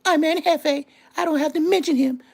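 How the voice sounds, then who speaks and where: A man putting on a mocking impression of a whiny, self-important male rival, in a high falsetto. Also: normal speed, vocal fry, darkish tone.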